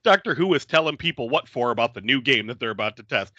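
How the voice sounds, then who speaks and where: A man's voice: mid-range voice, quick pace, no echo, highs cut off. A man hosting a podcast, recapping a film in casual chat and laughing often. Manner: laughs often, animated and chatty. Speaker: podcast host.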